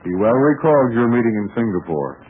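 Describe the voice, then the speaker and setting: An actor playing a smooth, flattering young adventurer in a 1940s radio drama. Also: male voice, mid-range voice, brisk, natural voice. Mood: coaxing. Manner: coaxing, flattering. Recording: tinny scratchy 1940s radio broadcast.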